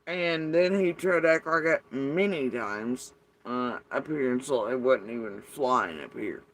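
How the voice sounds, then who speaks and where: A man's voice: medium pitch, animated, a little slow, slight background noise. A man in a casual, unscripted rant, heated and profane, rambling from one thought to the next. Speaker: vlogger.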